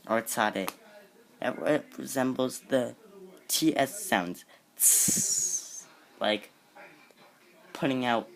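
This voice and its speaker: A man walks through an alphabet lesson at a slow, easy pace. He talks casually, breaks off to correct himself and drops playful asides between points. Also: medium pitch, a bit bright. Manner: unhurried, self-correcting, with jokey asides. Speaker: amateur teacher.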